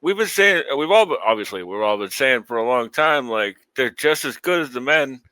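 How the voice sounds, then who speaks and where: A man's voice: mid-range voice, animated, moderate pace, sharp tone, no echo. A man co-hosting a wrestling podcast, laid-back in casual chat, chiming in with short reactions.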